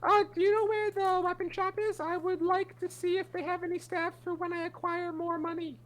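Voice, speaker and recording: A man's voice: extremely high pitch, level tone, fairly quick, a bit bright, a little hiss or hum, voice pushed up. A man voicing a timid young child who haggles hesitantly and politely, with many fillers.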